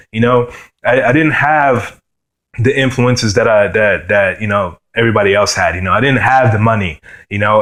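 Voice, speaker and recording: Earnest young man, lowish voice. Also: a bit bright. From New York, USA. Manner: earnest, halting, lots of "you know" and "man". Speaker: guitarist sharing his testimony. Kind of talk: personal testimony.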